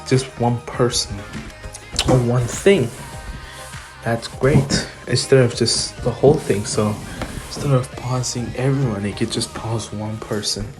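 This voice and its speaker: A woman telling a fan-made what-if story in a rambling, improvised way. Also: a bass voice. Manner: rambling, with many fillers and restarts.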